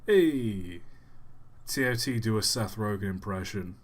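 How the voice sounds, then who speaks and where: A man's voice: lowish voice, lively intonation, a little slow. A man hosting a live stream in a casual, chatty way, reading out viewers' messages and answering them offhandedly.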